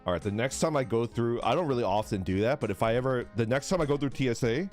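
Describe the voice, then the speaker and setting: A man's voice: fast talker, faint music behind. A young man streaming and chatting casually, rambling and laughing, sometimes swearing as he tells stories. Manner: rambling, laughing, swearing, acts out voices in a high yell.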